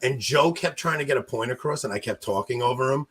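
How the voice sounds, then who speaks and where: A man's voice: mid-range voice, fast talker, low-quality recording. A man on a podcast telling funny stories in casual chat, joking and acting out what others said. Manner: joking, animated, acts out others' lines. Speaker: podcast co-host.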